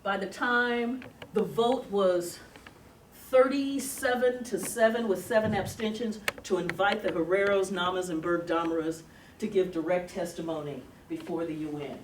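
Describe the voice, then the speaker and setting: A woman lecturing on history in a lively storytelling way, laughing often along the way. She is picked up from a distance in an echoey hall, with a faint hum underneath. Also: on the low side, moderate pace. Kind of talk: university lecture. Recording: roomy, distant lecture recording.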